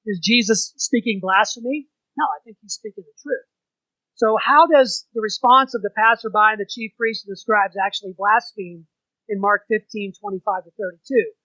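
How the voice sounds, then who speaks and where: A man's voice: sits high, bright, forceful tone, no room sound, poor audio. A man leading an informal church Bible study, talking conversationally and putting questions to the group.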